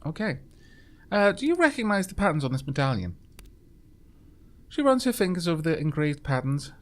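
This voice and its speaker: A man's voice: fairly high pitch, sing-song, moderate pace, pauses often. A man hosting a game let's play, chatting casually with many fillers and reading the game's dialogue aloud. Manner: chatty, many ums and uhs, reads game text aloud.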